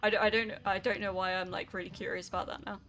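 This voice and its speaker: Chatty woman, bright gravelly voice. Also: medium pitch, flat delivery, fast talker, soft background music. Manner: rambling, chatty, filler-heavy. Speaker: game streamer. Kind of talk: casual chat reading stream chat.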